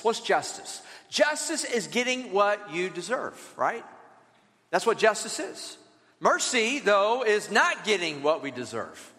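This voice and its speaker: A man preaching as a pastor, telling a parable in an animated storytelling way and acting out the voices of its characters. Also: high voice, long reverb tail. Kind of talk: sermon.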